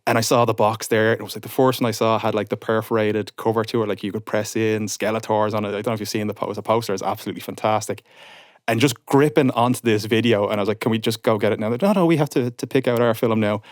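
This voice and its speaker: A man's voice: on the low side, quick pace, no room sound, clean studio sound. A man, a podcast guest in his thirties, telling a story and acting out what people said. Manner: animated storyteller, acts out quotes. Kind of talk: casual podcast chat.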